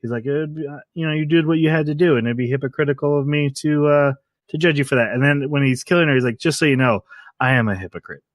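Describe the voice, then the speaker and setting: A man co-hosting a casual podcast, recapping scenes in quick bursts and acting out the lines with a laugh. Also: on the high side, fairly even intonation, no room sound. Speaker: podcast co-host. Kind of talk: casual chat.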